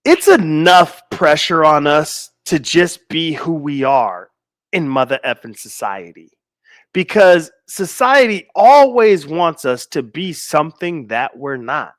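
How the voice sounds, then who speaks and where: A man in his forties hosts a livestream, reading viewers' comments in laid-back banter and slowing into emphatic stress on his key points. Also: a little high, big pitch swings, no echo, studio quality. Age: 40s. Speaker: livestream host.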